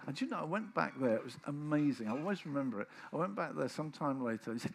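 A man's voice: fairly high pitch, fast talker, vocal fry, hardly any pauses, a little hiss or hum. A man, preaching a sermon, telling stories and acting out the voices of people in them. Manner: animated storytelling, acting out quoted voices.

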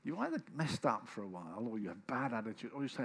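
An older man preaches a sermon, his voice husky and a little breathy. He tells stories with animation and slips into the voices of the people he describes. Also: mid-range voice, fast talker. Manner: animated storytelling, acting out quoted voices.

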